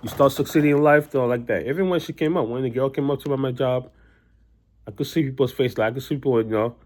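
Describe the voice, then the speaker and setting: Talking fast in a medium-pitched voice, a young man tells casual personal stories to the camera. His vlog rambles, full of restarts and "you know" fillers.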